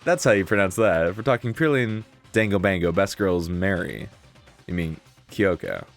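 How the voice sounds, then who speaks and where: A man's voice: low voice, lively intonation, normal speed, vocal fry. A young man streaming a visual novel, chatting playfully in slang and reading the game's text aloud. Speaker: game streamer. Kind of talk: casual let's-play chat, reading game text aloud. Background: faint game music.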